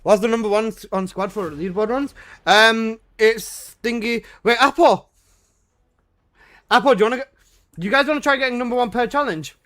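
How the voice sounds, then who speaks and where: A man streaming a game live, chatting casually with loose, excitable gamer slang. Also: extremely high pitch, normal speed.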